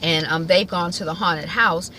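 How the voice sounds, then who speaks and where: Bright-voiced woman recapping a TV episode. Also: lowish voice, steady tone, normal speed, slight background noise, poor audio. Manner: chatty, colloquial, acts out characters' lines. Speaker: TV recap vlogger.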